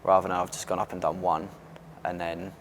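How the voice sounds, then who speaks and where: Deep-voiced young man, openly animated. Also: fairly quick, slight background noise. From Britain. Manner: open and animated, restarts often. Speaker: interview guest, athlete. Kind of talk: casual interview chat.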